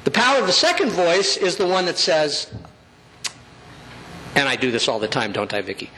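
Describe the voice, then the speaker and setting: A man's voice: fairly high pitch, huge pitch swings, normal speed, long pauses, sharp tone, a little hiss or hum, low-quality recording. A male pastor preaching a sermon in a conversational way, often checking in with his listeners.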